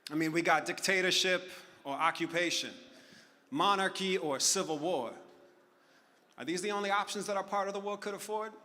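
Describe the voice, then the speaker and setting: A man's voice: high voice, normal speed, sharp tone. A man from Syria performing rap and spoken word live on stage, with a rhythmic, rhyming delivery and talking straight to the crowd. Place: event hall, live on stage. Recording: echoey hall with backing music.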